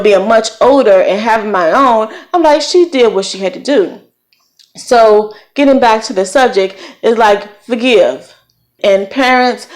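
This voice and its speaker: A middle-aged woman from Virginia with a light Southern accent, giving encouraging, preachy parenting advice in a casual vlog. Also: on the high side. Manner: warm preachy encouragement with folksy phrasing. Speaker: vlogger.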